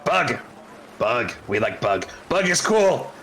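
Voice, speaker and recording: A man's voice: mid-range voice, big pitch swings, slow pace, a bit bright, roomy sound, slight background noise, exaggerated voice. A man voicing a suspicious pack of kobolds in clipped, blunt phrases. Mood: wary.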